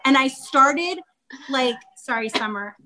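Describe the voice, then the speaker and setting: Woman, high voice, lively storyteller, casual chat, faint hiss behind. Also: slow pace. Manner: animated storyteller, acts out her own shouts. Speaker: guest author.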